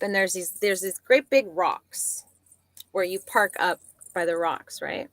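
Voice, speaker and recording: A woman guest chatting casually, telling a story and acting out the dialogue in lively voices. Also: lowish voice, no echo. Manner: animated, acts out quoted dialogue.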